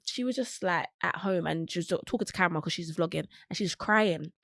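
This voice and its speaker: A young woman chatting as a podcast guest, animated and quick to act out the people she talks about. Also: gravelly, no room sound, studio quality. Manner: animated, acts out quoted voices with big pitch jumps. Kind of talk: casual chat.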